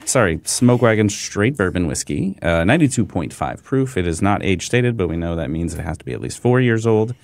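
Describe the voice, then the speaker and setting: A man's voice: deep voice, expressive, fairly quick, gravelly, hardly any pauses, a little mellow, dry recording. A man co-hosting a casual podcast, joking and self-deprecating as he talks. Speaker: podcast co-host. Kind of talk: casual chat.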